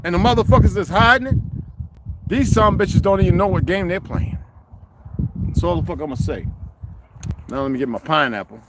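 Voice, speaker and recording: Brief: high-voiced, swinging male streamer, profane and confrontational, noisy background. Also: fairly quick, long pauses. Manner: confrontational, cursing, animated. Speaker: livestream host. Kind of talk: profane livestream rant and chat greetings.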